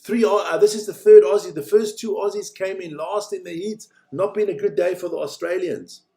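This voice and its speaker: A fairly high-voiced man hosts a live snowboard watch-along stream, calling the races loosely and jokingly at a moderate pace. Between heats he's chatty, but he turns excitable once a race gets going.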